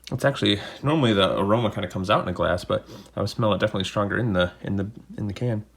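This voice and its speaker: His voice sits on the low side, creaky and racing. Filming at his desk in a room at home, he hosts an easygoing unboxing and beer tasting session, wandering off on tangents with jokey remarks.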